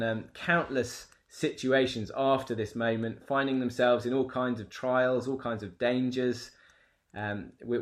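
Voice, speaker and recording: A man preaching a sermon as pastor, earnest and conversational, often pausing with fillers and restarting phrases. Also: mid-range voice.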